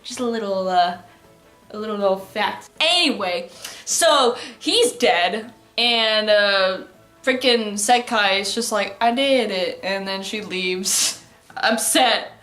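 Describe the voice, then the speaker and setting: A woman's voice: mid-range voice, slow pace, sharp tone, roomy sound, soft background music. A young woman casually recapping an anime plot, rambling and giggly, with lots of fillers. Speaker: anime vlogger.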